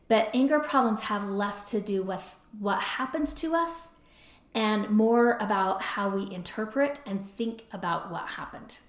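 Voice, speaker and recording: A middle-aged woman hosting an advice podcast, talking in a relaxed conversational way and often tagging her points with "right?". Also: medium pitch. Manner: conversational, frequent "right?" tag questions. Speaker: podcast host and counselor. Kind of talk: advice talk. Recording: roomy echo.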